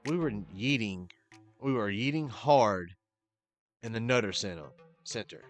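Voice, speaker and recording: A man with a lowish voice runs through a wrestling episode in a loose, casual recap. He swears freely and drops into quick offhand impressions of the wrestlers as he goes. Faint music sits quietly behind him. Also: expressive. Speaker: podcast host.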